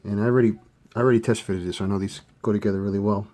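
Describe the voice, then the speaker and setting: A man giving a casual hands-on modeling tutorial, thinking aloud with relaxed fillers as he works. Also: lowish voice, very fast. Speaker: scale model hobbyist demonstrating a kit build.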